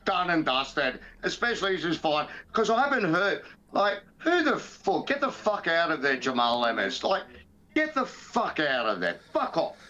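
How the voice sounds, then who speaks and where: High-voiced, outspoken man. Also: very animated, normal speed, bright, forceful tone, dull audio. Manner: outspoken, profane, rambling. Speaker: podcast co-host. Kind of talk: casual podcast banter.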